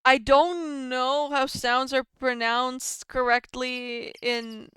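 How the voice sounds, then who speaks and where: A woman's voice: high-pitched, flat delivery, slow, fairly bright tone, clean tone, dry recording, clean studio sound. A woman whose first language is Estonian or Russian, streaming a visual novel, reading dialogue aloud and stumbling, self-deprecating, over words.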